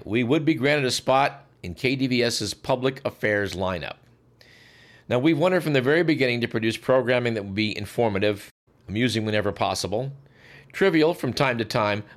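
Dry, wry male radio host. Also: medium pitch. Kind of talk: scripted narration.

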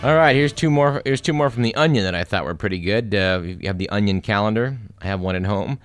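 Low-voiced man hosting a radio show. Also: quick pace, soft background music. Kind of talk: reading jokes and satire on radio.

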